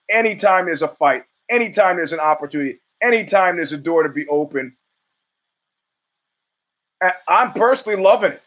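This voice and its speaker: A male podcast host riffs through a blunt, profane commentary monologue. His voice sits a little high for a man, and he barrels through his opinions. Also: a bit bright, rough recording.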